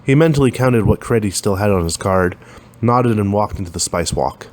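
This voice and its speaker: Reading a science fiction tale at normal speed, a male narrator keeps his fairly low voice even and unadorned. When the characters talk, he lifts his tone just a little.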